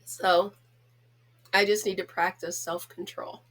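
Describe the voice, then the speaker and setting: A woman's voice: on the low side, level tone, slow, a bit bright. A middle-aged woman from the United States hosting a casual home chat vlog, talking in a chatty, giggly, self-teasing way. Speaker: host.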